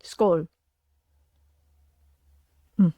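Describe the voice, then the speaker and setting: A woman hosts a craft livestream where she builds a puppet, speaking extremely slowly in a mellow voice with no echo. She chats casually and thinks aloud, her sentences often trailing off into murmurs.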